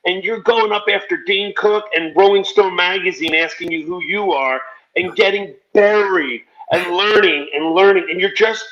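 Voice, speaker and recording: A man, a stand-up comedian, telling stories in a rapid, run-on way during a podcast interview. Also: sits high, a bit bright, lo-fi sound. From New Jersey, US. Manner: rapid, run-on storytelling with acted-out quotes. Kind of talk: animated storytelling in a podcast interview.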